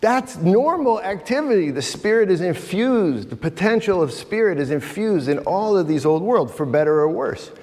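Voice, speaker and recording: A man's voice: high-pitched, sing-song, normal speed, hardly any pauses, a little mellow. A middle-aged man giving an emphatic talk to a men's retreat in a church, speaking straight to his audience. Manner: emphatic, addresses audience directly, acts out quoted voices. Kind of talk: animated inspirational talk. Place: large church hall. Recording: live talk in a reverberant hall.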